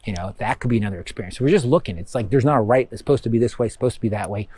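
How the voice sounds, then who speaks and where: With a lowish, slightly mellow voice and a breathy edge, a man races through a spiritual course review for his students, recorded dry. It's casual course talk that wanders, crowded with fillers and inner thoughts he acts out.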